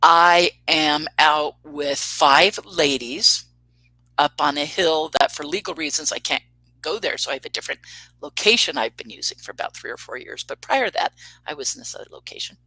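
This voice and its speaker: A woman on a radio talk show tells her story with a bright, forceful tone. She recounts events with energy, voices the other people in the story, and laughs as she goes. The sound is close and dry, with no room around it. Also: deep voice, moderate pace, dry recording, poor audio. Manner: animated storyteller, acts out quotes, laughs often. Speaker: UFO tour guide telling sightings.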